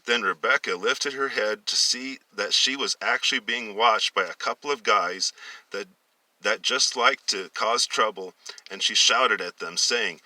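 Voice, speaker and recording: A man's voice: on the low side, measured pace, pushed and bright, dry recording, recorded from a distance, low-quality recording. A man reading a novel aloud, often stumbling, restarting and correcting himself. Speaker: story reader.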